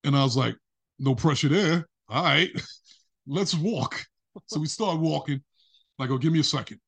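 A man with a husky, slightly breathy voice that sits a bit higher than most men's. He tells a story on a podcast in a lively, casual way and acts out the other people's voices as he goes. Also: normal speed. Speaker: podcast guest.

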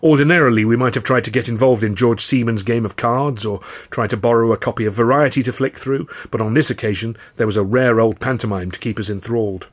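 A man, the author, reading his novel aloud in measured, dry first-person narration. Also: medium pitch.

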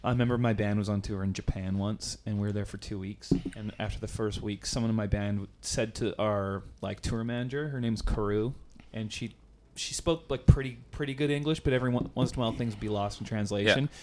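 A man hosting a podcast, telling a relaxed anecdote in casual chat. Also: fairly low pitch, a little fast. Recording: noisy background.

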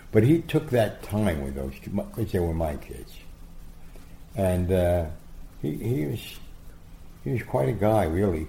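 A man being interviewed as a guest, telling rambling, animated anecdotes and acting out the quotes. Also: low-pitched, measured pace, gravelly, a little hiss or hum. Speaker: guest storyteller. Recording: roomy echo.

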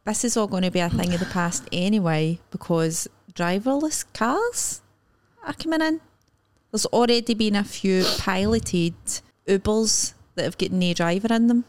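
A woman's voice: medium pitch, normal speed, a little mellow. Wry Scottish woman, chatty co-host. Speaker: podcast co-host. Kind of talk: casual chat.

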